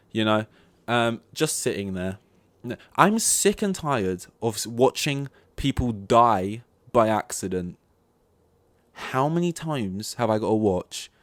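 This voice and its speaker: A man's voice: fairly low pitch, no echo. A young man hosting a solo podcast, ranting in a rambling, exasperated way and swearing often. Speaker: podcast host.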